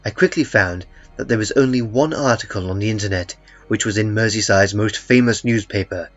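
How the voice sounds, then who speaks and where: A man reading a first-person horror story in a calm, dry, understated way. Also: lowish voice, a little fast. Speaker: narrator. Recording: muffled, with faint music beneath.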